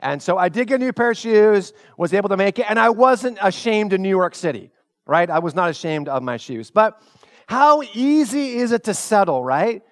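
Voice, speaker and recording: A man's voice: high voice, lively intonation, moderate pace. A man preaching a sermon as pastor, telling stories in a loose conversational way and asking the congregation rhetorical questions.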